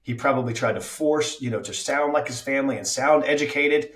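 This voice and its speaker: A man's voice: medium pitch, brisk, a bit bright, echoey room, distant mic. A man speaking as an actor guest on a casual podcast, reflective, with many fillers and restarts.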